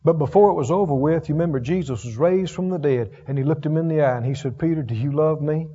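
Male preacher, high voice, folksy and chuckling, muffled recording with long echo. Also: fast talker, slightly rough. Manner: folksy, chuckling, swings from loud to hushed. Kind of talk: sermon. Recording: dull reverberant hall sound.

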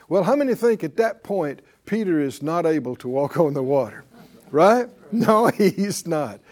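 This male pastor speaks at a measured pace in a fairly high, very animated voice. His sermon grows steadily more forceful, full of emphatic call-and-response exchanges with the congregation.

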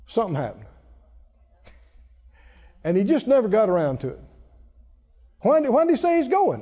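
High-voiced, lively male preacher. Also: normal speed, long pauses. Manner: call-and-response, animated, laughs often. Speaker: pastor. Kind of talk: sermon. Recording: dull echoey hall recording.

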